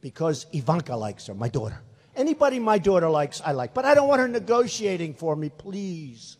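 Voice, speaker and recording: A man's voice: on the high side, very animated, brisk. A man in his sixties giving a rambling, repetitive, emphatic rally speech in a large venue. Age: 60s. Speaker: political candidate. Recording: reverberant hall.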